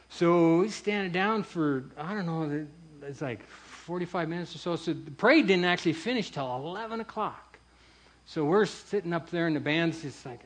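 A middle-aged man telling a personal faith story in a lively, animated way, acting out the voices of the people in it and laughing as he goes. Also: a little high, normal speed. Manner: acts out quoted voices, laughs through the story. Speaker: churchgoer telling a testimony.

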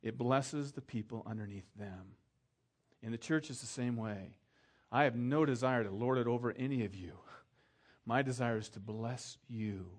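A middle-aged pastor preaches at a normal speed in a mid-range voice, framing his sermon as a conversational story. He imitates the people he quotes and lets his voice fall soft to underline points.

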